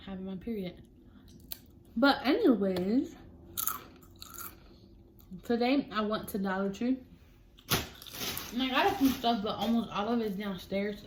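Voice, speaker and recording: A woman's voice: medium pitch, slight background noise, rough recording. A young woman telling a chatty storytime vlog, acting out her family members' voices as she goes. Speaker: vlogger.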